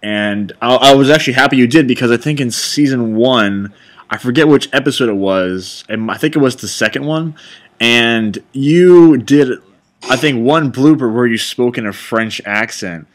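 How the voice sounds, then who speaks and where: A man's voice: medium pitch, normal speed. A man directing and hosting a casual commentary chat, rambling and enthusiastic as he talks.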